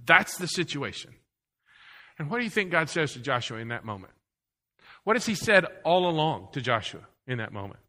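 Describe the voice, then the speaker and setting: Bright-voiced male pastor preaching in a hall. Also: on the high side. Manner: repetitive, emphatic preaching with rhetorical questions to the congregation. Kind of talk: sermon. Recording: long hall reverb.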